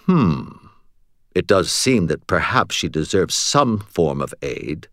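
A man voicing a calm male archangel who speaks slowly and deliberately, with dry wit, in an audiobook reading. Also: low voice, no echo, pitched below the performer's own voice, exaggerated voice. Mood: wry.

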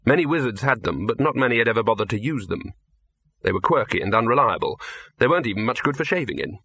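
A man reading a novel aloud with lively, animated pitch. His tone is bright with a faint husky edge, and the recording is dry and close. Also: fast, no echo. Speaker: narrator. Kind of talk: audiobook narration.

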